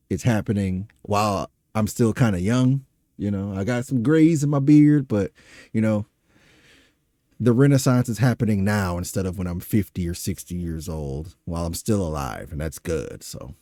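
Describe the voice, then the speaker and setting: A man's voice: lowish voice, dark tone, dry recording, studio quality. A man in his thirties hosting a solo podcast, giving emphatic, opinionated commentary with frequent fillers. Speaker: podcast host.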